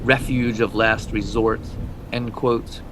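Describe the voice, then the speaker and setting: A man's voice: on the low side, level tone, slow pace, noisy background. A man co-hosting a podcast, reading scripted true-crime narration with casual asides. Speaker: podcast co-host.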